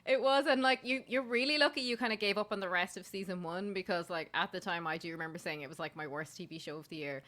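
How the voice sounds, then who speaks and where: A woman's voice: fairly low pitch, fast, hardly any pauses, fairly bright tone. A woman hosting a podcast, chatting casually and enthusiastically, laughing often. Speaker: podcast host. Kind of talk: casual chat.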